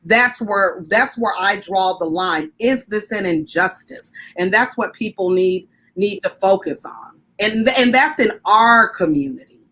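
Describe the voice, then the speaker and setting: A woman guest activist on a video call, speaking in an articulate, reasoned and measured way. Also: medium pitch, lively intonation, a bit bright. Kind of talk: discussion.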